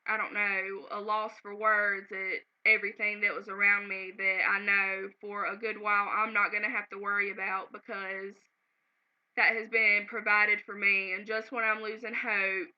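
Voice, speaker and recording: A woman's voice: medium pitch, little pitch movement, moderate pace. Earnest woman vlogging, dull lo-fi sound. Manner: earnest, sometimes close to tears. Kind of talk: casual emotional storytelling to camera. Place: home. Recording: slightly dull, lo-fi home video.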